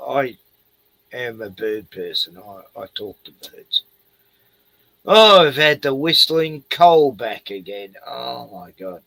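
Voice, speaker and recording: A man's voice: mid-range voice, creaky, bright, forceful tone, rough recording. A man in a rambling casual chat, swearing freely, laughing and trailing off mid-sentence. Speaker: host reacting to a video.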